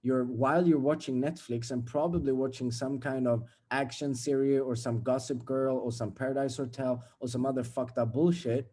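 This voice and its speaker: A man's voice: mid-range voice, steady tone, moderate pace, few pauses, dark tone. A young man giving a casual, blunt motivational talk, swearing freely and acting out everyday scenes. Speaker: self-development vlogger.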